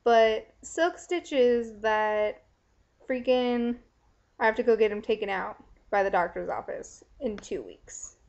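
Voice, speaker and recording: A woman's voice: fairly high pitch, takes it slowly, darkish tone. A young woman talking frankly and casually to a friend in a video letter, giggling and filling her talk with "like". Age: young adult. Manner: chatty, frank, giggly, lots of "like" fillers. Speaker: vlogger. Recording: dull lo-fi webcam audio.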